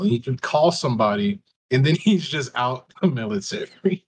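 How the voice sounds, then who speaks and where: A man's voice: mid-range voice, moderate pace, husky. A young man co-hosting a podcast, joking and laughing in casual chat. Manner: animated, joking, laughs often. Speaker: podcast co-host.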